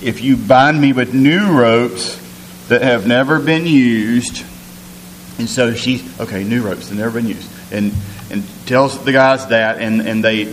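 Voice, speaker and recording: A man delivering a sermon, reading scripture and then unpacking it in a loose, conversational way full of fillers and restarts. His voice is mid-pitched and carries a long reverb, as though he stands in a large hall. A faint hum sits underneath. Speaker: preacher.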